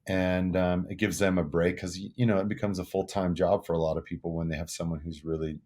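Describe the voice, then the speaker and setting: Musician guest, 60s male, deep voice, thoughtful storyteller who restarts phrases. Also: flat delivery, fast talker, warm tone. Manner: earnest, reflective, repeats words as he gathers thoughts. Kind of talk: casual interview storytelling.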